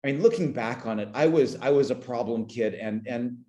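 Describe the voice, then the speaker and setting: A man in his forties from Canada speaks haltingly as a podcast guest, circling back and repeating words as he feels his way through a memory. His voice sits in a middling register, and he sounds emotional, at times choked up. The recording has a roomy, echoey sound. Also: mid-range voice, dark tone. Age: 40s. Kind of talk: reflective conversational interview.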